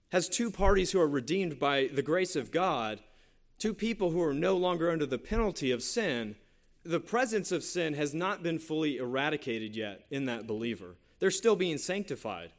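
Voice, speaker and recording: A man preaching a sermon in a slightly higher voice than most men. He talks earnestly and conversationally, repeating phrases as he works through scripture and a personal story. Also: animated, moderate pace. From San Jose Bay Area, California. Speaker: pastor.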